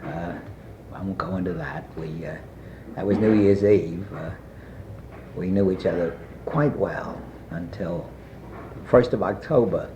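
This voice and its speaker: An older man being interviewed, telling a long personal anecdote in a rambling way with many pauses and fillers. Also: low voice, warm tone, slight background noise. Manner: rambling anecdotal, frequent "uh" and asides. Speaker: interviewee recalling his past. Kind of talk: oral history storytelling. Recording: muffled archival tape.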